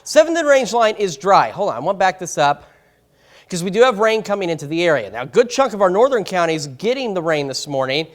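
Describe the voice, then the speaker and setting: A man's voice: sits high, big pitch swings, brisk. A man giving a live morning TV weather forecast, chatty and a bit flustered, out of breath. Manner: flustered, chatty, self-interrupting. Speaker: weather anchor. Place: TV news studio.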